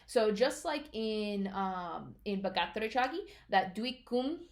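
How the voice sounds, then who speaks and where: A woman's voice: mid-range voice, animated, fast. A woman teaching as a martial arts instructor, explaining patiently and checking in often with "all right?".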